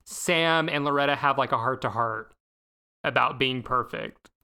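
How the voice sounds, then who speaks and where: A woman's voice: extremely low pitch, unhurried, creaky, sharp tone, clear, resonant tone. A woman co-hosting a podcast, recapping a film in casual chat and acting out the characters' lines as she goes. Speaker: podcast co-host.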